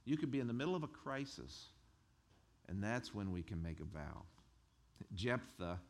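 A male pastor who preaches a sermon in a conversational, animated way and chuckles between his points. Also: on the low side, normal speed.

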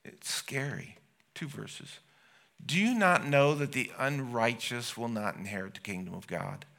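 A man's voice: mid-range voice, animated, a little slow, gravelly, a bit bright. A man, a pastor, preaching an earnest sermon that builds to impassioned exclamations.

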